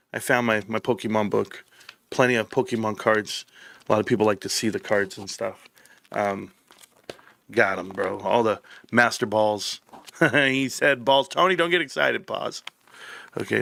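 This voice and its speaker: A man hosting a casual stock-market livestream, chatty and mocking, his voice jumping high when he gets worked up. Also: a little slow, gravelly, long pauses. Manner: excitable, mocking, voice jumps high when riled. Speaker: livestream host.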